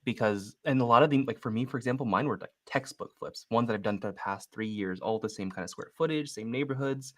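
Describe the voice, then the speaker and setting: A young man coaching a real estate agent on a casual call, talking quickly and acting out both sides of his cold calls. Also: medium pitch. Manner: quick and animated, acts out phone calls in voices.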